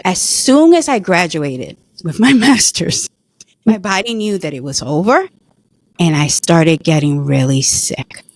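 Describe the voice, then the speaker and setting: A woman's voice: on the low side, animated, a little slow, no echo. Earnest woman telling her story. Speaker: guest, former patient. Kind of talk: personal story in conversation.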